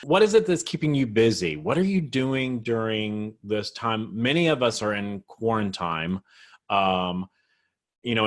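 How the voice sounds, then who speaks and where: A man hosting a relaxed interview over a video call, his voice sitting fairly low. He chats in a friendly, encouraging way, praising his guest and drawing her out with easy questions. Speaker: host. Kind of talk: casual interview chat.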